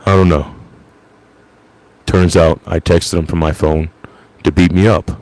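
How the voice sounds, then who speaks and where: A man's voice: deep voice, little pitch movement, measured pace, darkish tone. A man casually chatting with his live viewers, rambling and joking at his own expense. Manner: self-deprecating, jokey, rambling. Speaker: livestream host.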